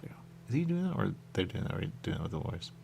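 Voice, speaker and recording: A male radio host talks in a loose, rambling way, circling back to the same stock phrases. His voice carries a gravelly fry. His pitch swings widely from low mutters to high bursts. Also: sing-song, very fast, mellow, a little hiss or hum. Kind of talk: loose on-air chat.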